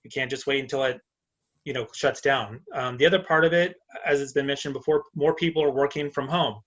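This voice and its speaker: A man's voice: mid-range voice, fairly quick, fairly bright tone. Man on dull lo-fi call audio. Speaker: city council candidate. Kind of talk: candidate forum answer. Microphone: video call.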